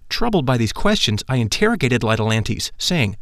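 A man reading a first-person story aloud in a steady, earnest, reflective way. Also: medium pitch, moderate pace, no room sound, studio quality. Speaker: narrator. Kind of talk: scripted first-person narration. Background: faint music.

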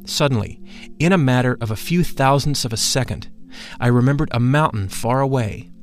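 Male narrator for a first-person spiritual memoir; steady, solemn, mid-range voice, soft music under it. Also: medium pitch, normal speed. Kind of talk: audiobook narration.

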